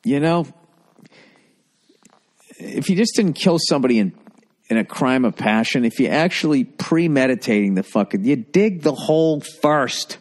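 A man's voice: medium pitch, expressive, normal speed, long pauses. A man hosting a podcast who delivers a comedic monologue rant in a profane, rambling, sarcastic way. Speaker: podcast host.

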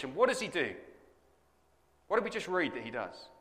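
A male preacher delivers a sermon in a lively, dramatic storytelling style. His voice is bright and clear with a slightly high pitch. It rings out with long reverb in a large hall. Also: normal speed, long pauses. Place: conference hall.

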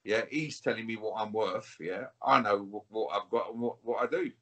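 British man, husky, combative interview guest on a video call, taunting. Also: on the low side, moderate pace, a bit bright. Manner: taunting, repetitive, calls listener mate. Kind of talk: combative interview trash talk.

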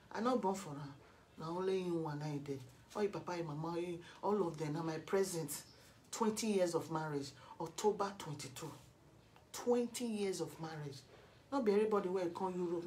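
A woman's voice: lowish voice, a little mellow, slight background noise. A middle-aged Nigerian woman from Edo State speaking Nigerian Pidgin English, scolding a rival in a lecturing vlog monologue full of rhetorical questions. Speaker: vlogger.

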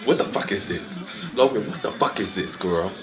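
A man giving sassy, animated reaction commentary on fight highlights, full of exclamations and sudden squealed outbursts. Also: moderate pace, roomy sound, background noise. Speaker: reaction video host.

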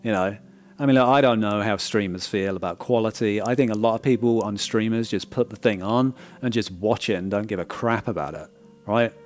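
A man's voice: fairly low pitch, a little fast, soft background music. A man giving a frank, casual review of a film disc, often checking in with "right?" and restarting his words.

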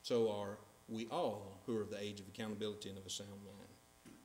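A man's voice: lowish voice, flat delivery, brisk, darkish tone, slight background noise. A man preaching a sermon in a church, emphatic and often asking the congregation questions. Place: church sanctuary. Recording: echoey church sanctuary.

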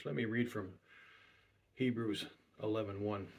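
A man's voice: lowish voice, steady tone, unhurried, a little hiss or hum. A man preaching a sermon, stressing his points by repeating key phrases.

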